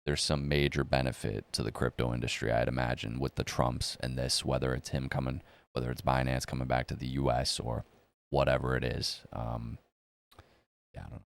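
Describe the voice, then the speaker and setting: Host type: deep, gravelly man riffing loosely on markets, swears freely. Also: flat delivery, brisk. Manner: blunt, profane, rambling. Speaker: crypto and economy video host. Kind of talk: casual market commentary.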